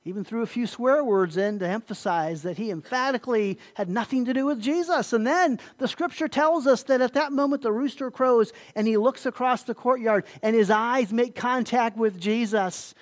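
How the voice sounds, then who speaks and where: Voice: mid-range voice, normal speed, few pauses. Emphatic pastor preaching a sermon. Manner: emphatic, repeats words, asks listeners questions.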